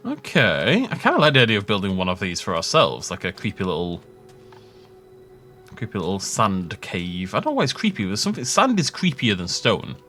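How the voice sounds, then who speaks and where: A man's voice: on the low side, huge pitch swings, brisk, pushed and bright, soft background music. A man giving rambling, jokey commentary while he plays a game, often laughing at his own tangents. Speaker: gaming YouTuber. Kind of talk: casual let's-play commentary.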